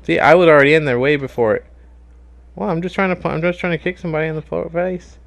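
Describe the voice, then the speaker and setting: A young man giving casual gameplay commentary as a YouTuber, excitable, swearing and yelling at the game. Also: a little high, quick pace, creaky. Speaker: gaming YouTuber.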